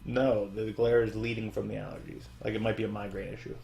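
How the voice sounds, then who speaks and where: A man's voice: fairly low pitch, little pitch movement, fast talker, gravelly, darkish tone. Male podcast co-host, wry and rambling, self-deprecating. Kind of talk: casual chat.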